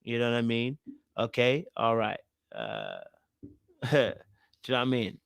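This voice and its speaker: A man's voice: mid-range voice, wildly swooping pitch, a little slow, vocal fry, clear, resonant tone, dry recording. Chatty man hosting a live stream. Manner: loose and chatty, reads out viewer comments. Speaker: live podcast host. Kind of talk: casual live-stream chat.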